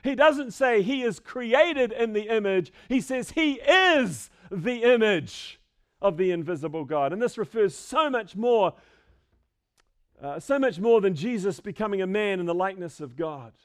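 Man, pastor, high voice, emphatic, repeats key phrases, sermon in church. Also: expressive, normal speed. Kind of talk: expository sermon. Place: church sanctuary with a screen.

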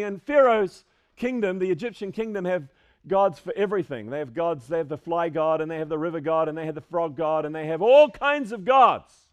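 A man preaching a sermon to a congregation, animated, swinging between loud calls and quiet asides. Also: high-pitched, fairly quick, clean tone. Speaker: pastor.

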